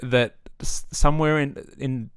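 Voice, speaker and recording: A man's voice: mid-range voice, fairly even intonation, unhurried, smooth, no echo, studio quality. Ranty sweary young man. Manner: ranty, sweary, sarcastic asides. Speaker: gaming vlogger. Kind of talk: casual opinion rant. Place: home setup.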